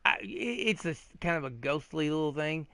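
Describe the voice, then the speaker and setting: A man hosting a gaming video, ranting in a rambling, profane, excitable way with frequent restarts while he plays. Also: fairly high pitch, a little fast, vocal fry, no echo. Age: adult, old enough to remember 80s cartoons. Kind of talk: casual rant while playing a game.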